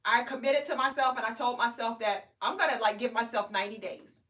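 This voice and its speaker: This woman in her thirties, a weight loss vlogger, is live-streaming a motivational talk to her viewers. Her voice sits on the high side, brisk and fairly bright, and she's chatty, often checking in with "okay?" and "guys." She sounds distant from the mic.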